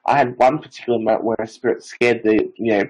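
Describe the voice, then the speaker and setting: A man's voice: mid-range voice, flat delivery, fast, a little mellow, slightly rough, rough recording. A nineteen-year-old man, a psychic medium and Reiki master, telling stories in a casual, rambling interview full of filler phrases.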